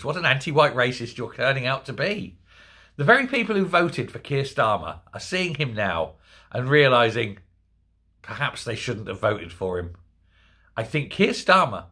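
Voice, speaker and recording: A man's voice: medium pitch, bright, forceful tone, breathy edge. A man delivering an indignant, sarcastic political commentary monologue. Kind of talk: ranting monologue.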